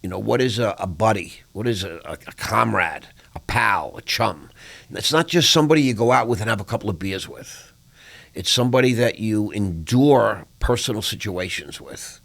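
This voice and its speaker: A man hosting an interview, telling a personal story in a lively, animated way. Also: on the low side, normal speed, vocal fry. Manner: animated storyteller, acts out quoted voices. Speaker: podcast host.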